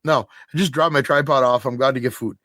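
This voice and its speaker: A man's voice: medium pitch, fast talker, dry recording. Guy on a podcast telling a story, laughs a lot, dry close sound, mid voice. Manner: storytelling, laughs often, animated retelling. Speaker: podcast host. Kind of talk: casual chat.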